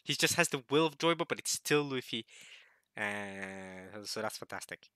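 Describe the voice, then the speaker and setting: A man reading through a manga chapter in casual commentary, thinking aloud and getting excited, with frequent restarts. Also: on the low side, moderate pace, clean tone, no echo, clean studio sound.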